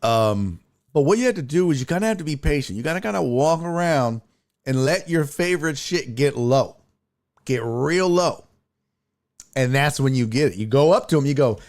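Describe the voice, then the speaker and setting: A man hosting a stream, telling stories in casual chat with profanity and big, lively swings in his voice. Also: moderate pace. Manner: animated, profane storytelling with big pitch jumps. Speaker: streamer host.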